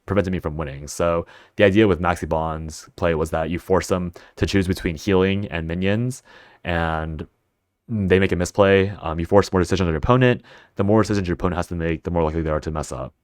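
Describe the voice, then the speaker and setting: A man's voice: deep voice, steady tone, fairly quick, no room sound, studio quality. A man giving a casual gameplay breakdown of a card game, thinking aloud and correcting himself mid-sentence.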